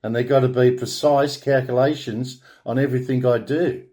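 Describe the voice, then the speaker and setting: An Australian man delivering a rambling solo monologue, halting and restarting words, then declaring his points in grand, proclaiming tones. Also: mid-range voice, fairly even intonation, warm tone, slight background noise. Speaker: online spiritual speaker.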